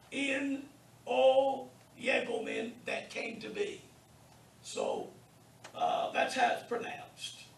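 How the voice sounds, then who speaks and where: A man lecturing to a small class, his voice high, gravelly and lively in pitch. He talks slowly and carefully, sounding out each word for the students. The recording is echoey and distant, with a faint hiss underneath. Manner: slow, deliberate, pronounces words for students to repeat. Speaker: Bible college Greek teacher. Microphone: distant room mic.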